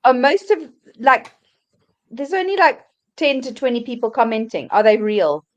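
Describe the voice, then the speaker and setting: A woman's voice: on the high side, moderate pace, muffled recording. A woman from South Africa co-hosting a livestream, chatty and telling personal stories in casual group chat. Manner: chatty storyteller, animated. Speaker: co-host of a livestream.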